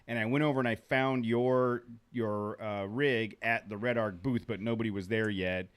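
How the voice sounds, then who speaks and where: A man's voice: on the low side, steady tone, moderate pace, smooth. A man hosting a podcast in casual chat, telling stories with a joking tone. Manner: storytelling, joking. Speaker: podcast host.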